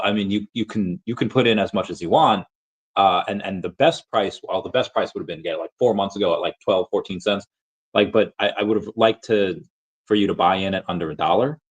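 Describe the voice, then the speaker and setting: A man hosting a podcast, rambling through a casual market update, often correcting himself mid-sentence. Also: deep voice. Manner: rambling, self-correcting, upbeat. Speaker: podcast host.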